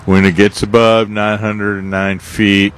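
A man co-hosting a radio gardening show in casual chat, talking haltingly with many fillers and restarts. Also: lowish voice, flat delivery, fairly bright tone, clean tone.

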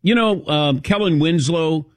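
Recorded on a studio mic with clean sound and no room tone, a sixties-aged sports radio host spins a self-deprecating story and voices its characters in casual show chat. His voice is on the high side, at a measured pace.

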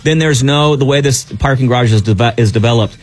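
A man's voice: mid-range voice, brisk. A man hosting a radio show, telling a long personal story in a casual, exasperated way with lots of restarts.

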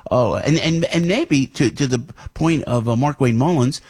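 A middle-aged man, hosting an opinion talk radio show in an emphatic, ranting monologue that climbs into shouts. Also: medium pitch, moderate pace, breathy edge.

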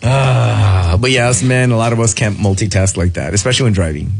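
A man's voice: on the low side, fairly quick, vocal fry, soft background music. A man in his forties co-hosting a casual talk show, who keeps acting out his kids' and parents' voices for laughs. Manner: animated, acts out voices of kids and parents for laughs. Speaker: radio co-host. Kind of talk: casual chat.

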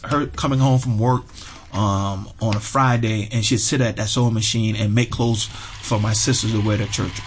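A man's voice: mid-range voice, slight background noise. A middle-aged man telling a heartfelt personal story, earnest, with lots of fillers and repeated words. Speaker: interview guest.

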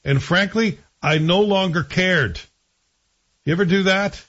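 A man's voice: high-pitched, unhurried, fairly bright tone, muffled recording. A man chatting casually and wryly about a TV series, asking himself rhetorical questions as he reviews it. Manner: wry, conversational, rhetorical questions.

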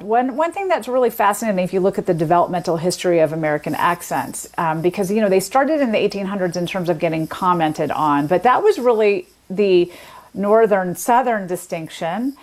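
A woman speaking as a linguist guest, explaining in a measured conversational way with the odd filler. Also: medium pitch, expressive.

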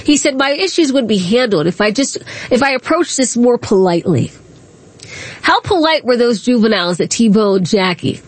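A woman's voice: mid-range voice, no echo. A woman hosting talk radio, speaking in a combative, indignant way with repeated rhetorical questions.

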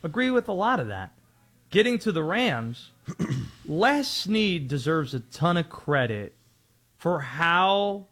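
A man's voice: on the high side, a bit bright. A man co-hosting a sports talk show, setting up topics and introducing clips. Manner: segues into topics, sets up clips.

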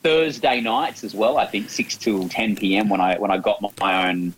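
An Australian man in his thirties talks eagerly as a radio guest. His voice sits a little low, and he keeps restarting and repeating words as he goes. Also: moderate pace, fairly bright tone, a little hiss or hum, poor audio. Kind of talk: reminiscing radio interview.

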